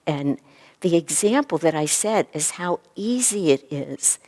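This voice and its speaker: A woman teaching a spiritual yoga class, talking earnestly and often softly to a group. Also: deep voice, expressive, a little slow. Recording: echoey hall recording.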